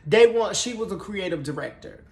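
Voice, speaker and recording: A man with a high voice recaps a TV episode in a sassy, profane, gossipy way. He tells it with animated flair. The room around him is echoey. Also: normal speed, gravelly. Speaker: TV show recap reviewer.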